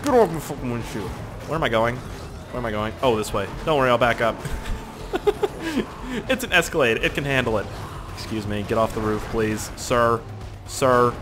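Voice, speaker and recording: A young man giving let's play commentary, excitable and profane, yelling at the game. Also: mid-range voice, normal speed, long pauses, over music. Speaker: gaming youtuber.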